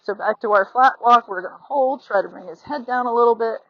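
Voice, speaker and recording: Riding along outdoors, a middle-aged woman coaches a lesson in a fairly high, fairly quick voice, playfully acting out the thoughts of horse and rider while keeping things chatty and upbeat. The recording is dry and a touch dull and lo-fi, captured by a phone fixed to her as she rides.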